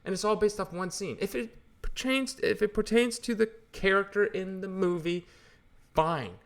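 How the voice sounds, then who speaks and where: A man's voice: high-pitched, normal speed. A man hosting a comic book channel, ranting in casual, exasperated and sarcastic commentary.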